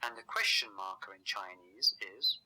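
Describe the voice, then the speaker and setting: A man narrating a scripted language lesson in a measured, explanatory way. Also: fairly low pitch, sharp tone, poor audio. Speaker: language teacher.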